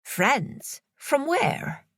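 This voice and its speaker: A woman's voice: high voice, sing-song, extremely slow, a bit bright, no room sound, studio quality, pitched above the performer's own voice, full character voice. Irish man, sick and remorseful, pleads his case, read by a woman narrator. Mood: suspicious. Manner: pleading, apologetic.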